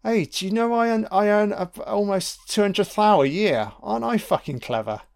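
A man putting on a creepy, smug tenant who taunts in a sweary, sing-song way, pitched well above his own voice. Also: lively intonation, moderate pace, vocal fry. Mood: leering taunt. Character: creepy smug male tenant, menacing and mocking.

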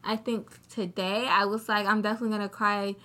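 A teenage girl co-hosting a podcast, chatting casually in slangy, animated storytelling with quoted asides. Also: mid-range voice, a little fast. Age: teens. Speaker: podcast co-host. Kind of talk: casual chat.

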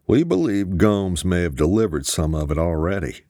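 A man voicing a stern, guarded male colonel who speaks in a calm, measured way in an audiobook. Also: low voice, no echo, studio quality.

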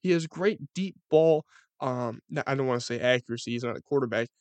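A young man with a Western New York accent giving casual, profane sports commentary as a podcast host, rambling and excitable. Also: mid-range voice, fairly quick, no room sound.

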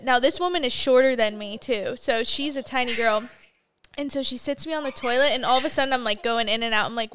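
A young woman co-hosting a podcast, talking in a relaxed, casual way, laughing easily and swearing now and then. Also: fairly high pitch, brisk, clean tone. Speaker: podcast co-host. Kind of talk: casual storytelling chat.

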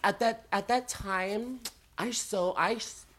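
A woman chatting casually as a podcast guest, telling animated, dramatic stories with sassy asides. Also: medium pitch, slow pace. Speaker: guest storyteller. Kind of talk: casual chat.

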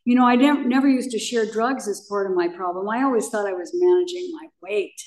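A woman's voice: medium pitch, brisk, darkish tone, recorded from a distance. An older woman sharing her personal recovery story at a meeting, telling it dramatically with vivid repetition. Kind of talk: personal testimony.

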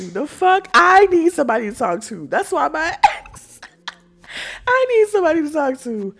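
Young woman ranting on her podcast, swears a lot, keeps cracking up, high voice that jumps all over. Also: very animated, moderate pace, a bit bright. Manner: profane, laughing, mocking. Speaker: podcast host. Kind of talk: casual podcast rant.

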